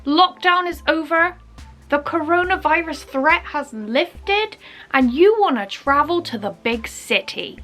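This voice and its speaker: Young Bristol woman vlogger, playful and jokey, high-pitched with light music under her. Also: animated, measured pace, a bit bright. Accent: Bristol English. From Bristol, England. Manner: playful, jokey, puts on exaggerated local phrases. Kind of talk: comic explainer vlog.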